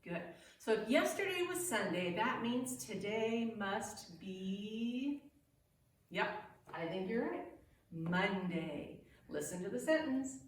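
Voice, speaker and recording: A woman talks slowly and gently to small children, leading a circle-time lesson and leaving pauses for their answers. Her voice carries a heavy room echo, picked up from a distance with a faint hiss underneath. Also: mid-range voice, sing-song. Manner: gentle, sing-song, pausing for children's answers. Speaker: preschool teacher.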